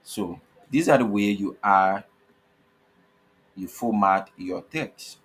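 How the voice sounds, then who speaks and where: This is a screen-recorded coding tutorial led by a man whose voice sits on the low side and sounds a bit bright. He moves slowly, spelling tag names letter by letter, going over points again and again, and asking "okay?" throughout.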